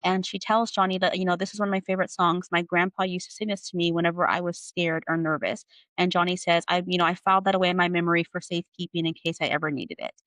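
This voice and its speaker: A woman co-hosting a book podcast, retelling scenes quickly and fondly in casual chat. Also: fairly low pitch, flat delivery, a bit bright, dry recording.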